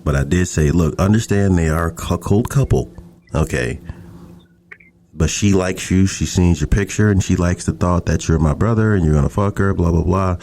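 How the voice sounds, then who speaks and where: A man's voice: sits low, moderate pace, vocal fry, darkish tone, slight background noise. A man who is a podcast guest, telling a story in a laid-back, casual and profane way.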